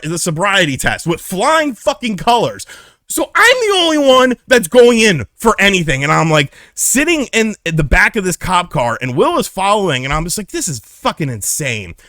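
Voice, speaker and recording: A man's voice: high-pitched, sing-song, moderate pace, pushed and bright, dry recording. A young man casually telling a personal story, candid and profane, on a close mic. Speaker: vlogger.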